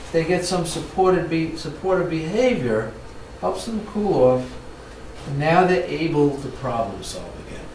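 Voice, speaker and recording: A man's voice: on the high side, a little hiss or hum. A man giving a training workshop lecture to a live audience, telling stories and asking the room questions. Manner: animated storyteller, asks the audience questions. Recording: echoey room, mic from far off.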